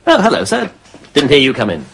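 An actor playing a sardonic, weary British army captain, dry and cutting in an English accent, in a sitcom before a studio audience. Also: male voice, on the high side, wildly swooping pitch, fast, gravelly, fairly bright tone, full character voice. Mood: wry. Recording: hissy TV sitcom audio with audience laughter.

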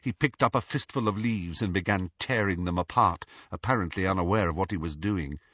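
A man narrating an audiobook in an expressive, animated reading. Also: sits low, brisk, dry recording. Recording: slightly dull, dry recording.

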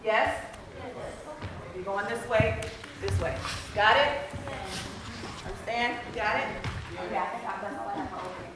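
A woman giving brisk rehearsal notes to a cast as their choreographer, checking often that they understand. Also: medium pitch. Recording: echoey room, taped from far off, noisy.

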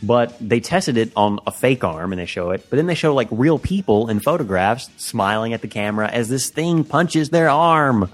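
A man's voice: medium pitch, expressive, normal speed, few pauses, faint music behind. A man hosting a casual comedy podcast, teasing and laughing often. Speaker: podcast host.

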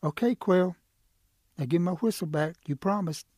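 A man's voice: high-pitched, moderate pace, warm tone, no echo, studio quality. A man voicing an old male turtle in a told story, cautious and protective of what is his. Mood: wary. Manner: hesitant, protective.

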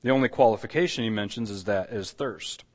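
A man's voice: on the low side, a little fast, breathy edge. A man preaching a sermon as pastor, conversational and earnest, asking the congregation rhetorical questions. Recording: long hall reverb.

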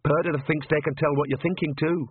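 A man's voice: a little high, steady tone, fast talker, phone-quality sound, a little hiss or hum, pitched above the performer's own voice, natural voice. A man voicing a flustered, self-conscious young witch who argues with a voice inside her head. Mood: worried. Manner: exasperated, arguing with an inner voice.

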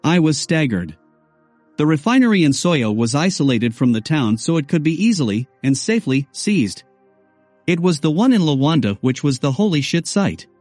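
Wry male audiobook narrator, animated. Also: fairly high pitch, normal speed, dry recording, soft background music. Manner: wry, sardonic. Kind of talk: first-person novel narration.

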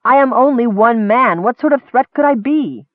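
A man's voice: extremely high pitch, animated, normal speed, dry recording, pitched above the performer's own voice. A man reading the part of a stern young knight who speaks formally and rises to indignation. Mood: indignant. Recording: tinny phone-like audio.

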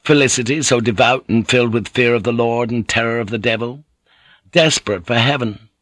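A middle-aged man narrating a novel in a measured, dramatic, rhythmic reading. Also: mid-range voice, a bit bright, no echo. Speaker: audiobook narrator. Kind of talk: scripted narration.

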